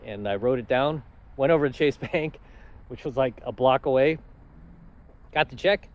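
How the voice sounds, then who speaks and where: A man's voice: mid-range voice, normal speed, rough recording. A man telling stories in a casual vlog, confident and matter-of-fact. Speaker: channel host.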